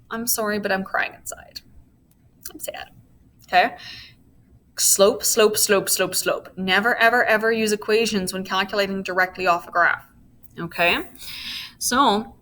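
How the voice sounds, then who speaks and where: Fairly high-pitched, bright and forceful, a woman teaches physics in a recorded lesson. She works through each step, checks on students with "okay?", and adds playful asides along the way.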